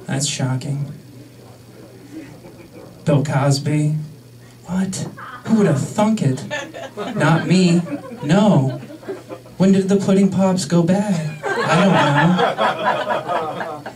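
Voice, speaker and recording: A man's voice: on the high side, drawn-out words, long pauses, distant mic, a crowd in the background, rough recording. A young man in his twenties doing a stand-up set in a comedy club, sarcastic and crude with mock-outraged asides.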